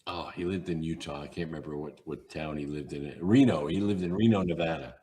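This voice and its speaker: Older radio guy w a low voice, sure of himself, telling old stories on a podcast. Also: fairly quick, mellow. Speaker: radio host and guest. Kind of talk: casual podcast chat.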